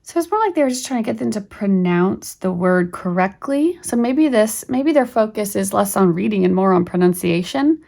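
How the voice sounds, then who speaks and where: Middle-aged woman homeschool host, gravelly, mid-pitched, chatty and meandering. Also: animated, normal speed, few pauses, dark tone. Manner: rambling, with frequent fillers and restarts. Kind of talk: casual talk-through of a reading primer.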